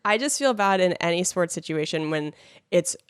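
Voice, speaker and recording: A woman's voice: lowish voice, animated, normal speed, clean tone, no echo, clean studio sound. A woman co-hosting a podcast in casual chat, teasing at times and earnest when she explains herself. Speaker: podcast co-host.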